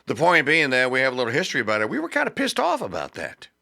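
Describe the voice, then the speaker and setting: A man's voice: mid-range voice, wildly swooping pitch, racing, creaky, few pauses, pushed and bright. A man hosting a talk radio show, delivering fired-up, sarcastic commentary and laughing at his own points.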